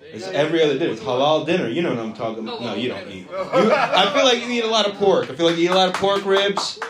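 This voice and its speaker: A man's voice: on the high side, quick pace. A man doing profane, brash crowd-work stand-up comedy on stage. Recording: live club audience. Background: crowd laughter.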